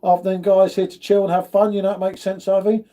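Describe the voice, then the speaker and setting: With a warm, level tone and a quick pace, a high-voiced British man runs a casual livestream. He reads viewer comments aloud and greets everyone chattily as "mate."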